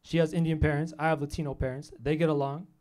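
A young man from New Hampshire doing a quick, deadpan stand-up set in a comedy club. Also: fairly high pitch, a crowd in the background. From Manchester, New Hampshire, US. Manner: quick deadpan punchlines, voices his family in quotes. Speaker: stand-up comic.

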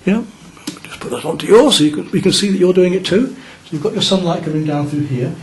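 An art teacher with a high voice speaks fairly quickly as he leads a beginners' painting lesson, working alongside students in a classroom. He coaches and encourages them, checking on their work. The room sounds roomy, with faint noise.

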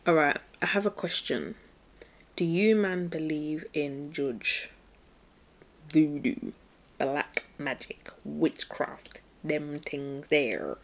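A woman's voice: low voice, steady tone, slow. A young woman hosting a casual solo podcast, chatty and playful, dropping slang and breaking into bits of song. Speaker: podcast host.

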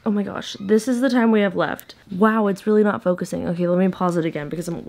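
A woman's voice: medium pitch, fast talker, creaky, few pauses, darkish tone, slight background noise. A woman, chatting playfully at home as a reading vlogger, sometimes dropping to a whisper. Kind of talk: casual vlog chat. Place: home, indoors.

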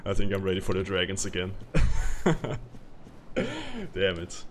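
A man's voice: sits low, huge pitch swings, slow, slight background noise. A man streaming a game live, chatting with viewers and reacting aloud to play, laughing often. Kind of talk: live-stream gameplay commentary.

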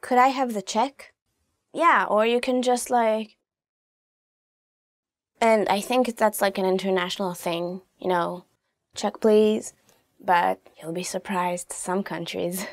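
A young woman hosting a casual video language lesson, chatty and laughing often, saying each phrase slowly and clearly. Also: medium pitch, steady tone, dry recording, clean studio sound. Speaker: language teacher, show host.

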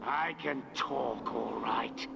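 A brutish video-game machine soldier, sneering and contemptuous. His voice is gravelly and drawn out slowly. The game audio sits under a loud wash of noise. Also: medium pitch.

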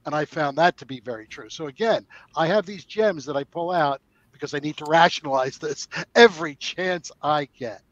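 A man's voice: on the high side, moderate pace, hardly any pauses, fairly bright tone, lo-fi sound. A man on a webinar panel, a former controller, telling jokey anecdotes from his career.

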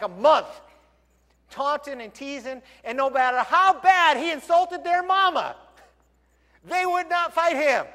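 A male pastor preaching a sermon in a lively, conversational storytelling way, in a church sanctuary. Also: very high voice. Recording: long church hall reverb.

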